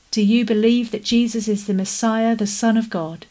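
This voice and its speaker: A woman preaching a sermon in a gentle, measured way that softens into quiet prayer. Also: fairly high pitch, level tone.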